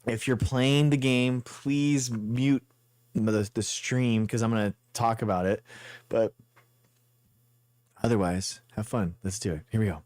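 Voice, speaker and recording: A man's voice: fairly low pitch, fairly even intonation, unhurried, a little mellow, no echo. A man streaming a guessing game live, rambling and thinking aloud as he plays. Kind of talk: casual live game commentary.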